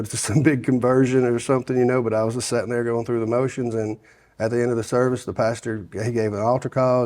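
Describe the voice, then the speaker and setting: In a casual interview, a guest from Sevier County, Tennessee, tells his life story as testimony, rambling, restarting many times and quoting the people he encountered. His voice is mid-range and a little mellow.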